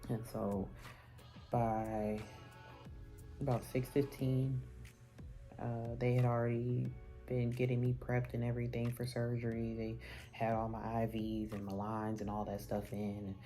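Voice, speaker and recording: A woman with an unusually low, mellow voice recounts a personal story for her vlog. She talks in a candid, casual way, with plenty of "um"s and restarts. Soft music plays faintly underneath. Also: flat delivery, unhurried. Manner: candid, conversational retelling with many fillers and restarts. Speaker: vlogger.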